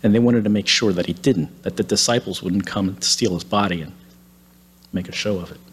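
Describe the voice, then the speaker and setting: A man's voice: low-pitched, brisk, slight background noise. A man preaching, retelling a story dramatically and acting out the quoted lines. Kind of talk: sermon storytelling. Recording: long hall reverb.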